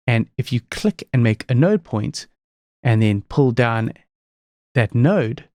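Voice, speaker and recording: A man presenting a screen-recorded software tutorial, explaining each step calmly. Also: medium pitch, no room sound, studio quality.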